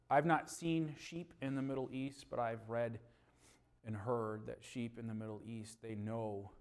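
Preacher swinging between loud and hushed. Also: male voice. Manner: swings between loud emphatic preaching and quiet low delivery; tells homely stories about his dog and family. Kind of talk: sermon.

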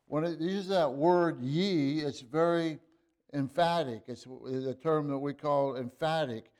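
A man preaching at a slow, measured pace, his voice sitting a little high for a man. He reads scripture in old-fashioned wording and explains it haltingly, with fillers and restarts, then rises into emphatic bursts. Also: darkish tone. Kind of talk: sermon.

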